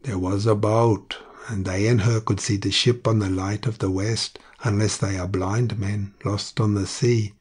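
A man reading the part of a soft-spoken, stubborn helmsman who speaks gently but insistently. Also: lowish voice, level tone, a little slow, hardly any pauses, husky.

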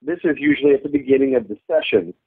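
A man in his thirties, a voice actor chatting in an interview, animated and laughing often as he slips into quick character voices. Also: fairly high pitch, gravelly, husky. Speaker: voice actor guest. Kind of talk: casual interview chat. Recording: tinny phone-like archive audio.

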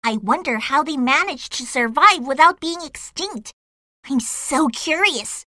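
Curious, bright cartoon kid. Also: female voice, high voice, animated, measured pace, no echo, clean studio sound, full character voice. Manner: wondering, chatty. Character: curious young child adventurer. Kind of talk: cartoon voice acting.

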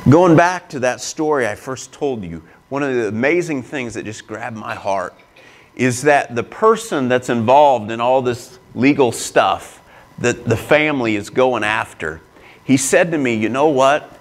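A man's voice: medium pitch, a little slow. A man preaching a sermon as a pastor, earnest and emphatic, with a personal, confessional tone and frequent restarts.

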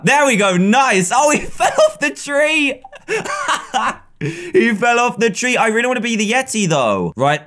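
An English man in his twenties with a high voice narrates a video game as he plays. He talks in a chatty, playful way and often jumps from calm remarks to excited yells, as gaming commentators do. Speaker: gaming YouTuber. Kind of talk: live gameplay commentary.

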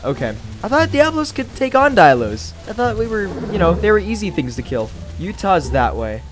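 Excitable man doing lively game commentary. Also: normal speed, over music. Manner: excitable, bursts into high yelps and laughs. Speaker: gaming video creator. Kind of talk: let's-play commentary. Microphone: new microphone.

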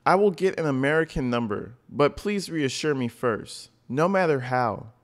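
Man doing anxious foreign woman, soft-spoken, earnest, pleading. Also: medium pitch, lively intonation, normal speed, natural voice.

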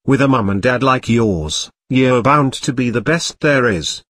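A man voicing a huge, furious, bearded giant who booms and blusters in a storybook reading. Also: a little slow, fairly bright tone, dry recording. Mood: fond. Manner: blustering, booming speech.

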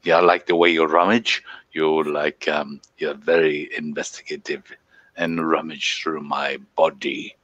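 A man's voice: very deep voice, flat delivery, a bit bright, dry recording, highs cut off. A man playing a vain, flirtatious romance scammer with a put-on Nigerian accent, on a comedy live stream. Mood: flirty. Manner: slow, smooth, flirty, breaks into laughs. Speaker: co-host.

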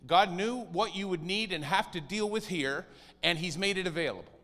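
A high, bright-voiced man preaches with lively swings in pitch, acting out whiny pleas along the way. His voice rings through a church hall with a long reverb tail. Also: moderate pace. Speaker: pastor. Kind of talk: sermon.

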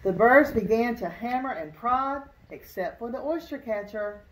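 Expressive woman teacher reading a storybook aloud. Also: a little high, normal speed. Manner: expressive, pointing out pictures. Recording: roomy echo.

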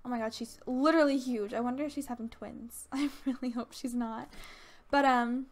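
A woman hosting a let's play, giving casual gameplay commentary in a bubbly, gushing, excitable way. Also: sits high, moderate pace.

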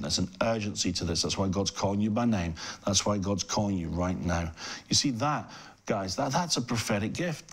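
A man's voice: on the low side, husky. A middle-aged man preaching a fervent televised sermon, speaking in rhythmic repeated phrases and addressing the viewer directly. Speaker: pastor.

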